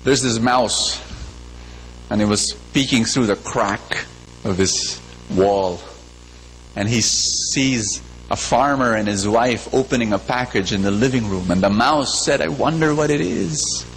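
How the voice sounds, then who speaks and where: This preacher's voice sits on the low side, slightly slow and fairly bright. He repeats phrases, poses questions to the congregation, and relates a fable, all carried by long reverb with a faint hum in a big church.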